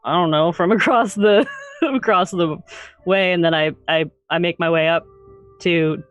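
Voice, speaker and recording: Tabletop player, halting and hesitant speech, headset audio, faint music behind. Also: mid-range voice, dry recording, muffled recording. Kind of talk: tabletop game play. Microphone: headset on an online call.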